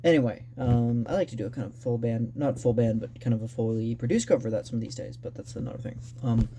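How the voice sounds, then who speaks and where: Mellow-voiced man rambling about his writing. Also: medium pitch, steady tone, a little hiss or hum. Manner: rambling and halting, full of restarts. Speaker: novelist showing his drafts. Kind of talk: unscripted casual vlog talk.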